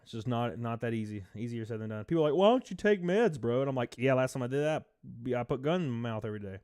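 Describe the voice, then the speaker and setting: A man live streaming, chatting casually, swearing, laughing often and reading chat aloud in a low-key mood. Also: rapid-fire, darkish tone, clear, resonant tone, dry recording, clean studio sound.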